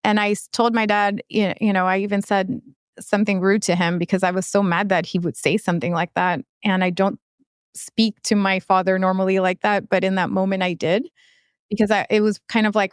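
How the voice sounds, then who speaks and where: A woman in her thirties speaks as a guest on an interview podcast. Her voice is smooth and clear, recorded close and dry. She talks haltingly and often searches for words. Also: mid-range voice, fairly even intonation, no room sound. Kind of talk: emotional interview storytelling.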